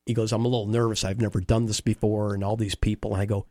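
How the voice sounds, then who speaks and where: Man telling lively stories, dry sound. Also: on the low side, quick pace, dry recording. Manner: animated anecdotes with quoted dialogue. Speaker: interview guest, former baseball team staffer. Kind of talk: storytelling conversation.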